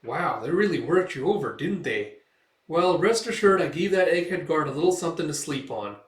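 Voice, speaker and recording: Man doing a small mouthy male elf, teasing and quick, recorded from a distance. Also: fairly high pitch, animated, reverberant, pitched above the performer's own voice, close to an everyday voice. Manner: chatty, teasing.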